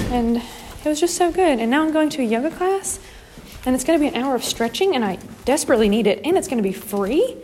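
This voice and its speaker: A woman's voice: high-pitched, background noise. A young woman talking casually to her phone in a parked car, rambling with lots of fillers and "like"s as she recaps her day. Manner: chatty, rambling, many fillers and "like"s. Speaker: vlogger. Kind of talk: casual diary vlog.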